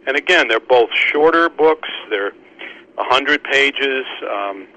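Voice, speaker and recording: With an expressive, medium-pitched voice, a man hosts a casual conversation about Christian books over poor audio. He's a Christian book publisher and podcast host whose halting delivery features many restarts, repeated words, and warm laughs.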